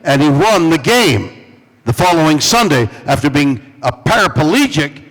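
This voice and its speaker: A man in his eighties, a celebrity guest at a fan convention, tells stories with dramatic pauses and playfully teases fans. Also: fairly high pitch, very animated, fairly bright tone. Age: 80s. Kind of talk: animated storytelling on stage. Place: large convention hall. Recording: long hall reverb from a convention stage.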